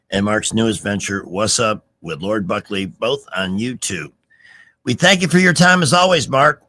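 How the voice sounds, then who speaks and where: A middle-aged man hosting a radio talk show, telling stories in an animated, emphatic way with restarts. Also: medium pitch, no room sound. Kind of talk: casual talk radio chat.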